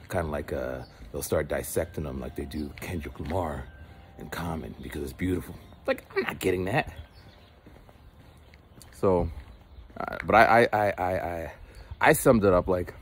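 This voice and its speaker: A man's voice: sits low, normal speed, pauses often, slight background noise. A man talking outdoors in the cold in a casual, rambling monologue, often repeating words. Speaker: vlogger.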